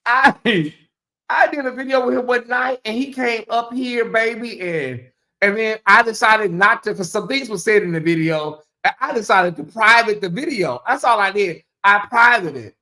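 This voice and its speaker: A livestream host giving live gossip commentary in a blunt, profane, animated way, with big swings in pitch. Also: normal speed.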